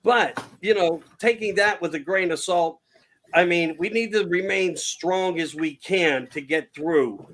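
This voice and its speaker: A man in his sixties talking politics in a rambling, halting way, restarting his sentences. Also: high voice, a bit bright, a little hiss or hum. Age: 60s. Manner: rambling, halting with repeated starts. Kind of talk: casual political talk.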